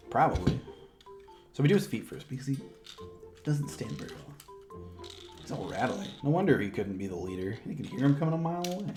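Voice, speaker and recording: A man's voice: medium pitch, darkish tone. A man chatting playfully in a casual toy review vlog, joking at himself while he assembles a figure. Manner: playful, goofy, self-mocking chatter; talks while handling a toy.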